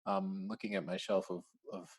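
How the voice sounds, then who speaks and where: A man talking casually as an interview guest, lively, with lots of fillers and acted-out quotes. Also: low-pitched, moderate pace, husky. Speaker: interview guest, recruiting firm founder.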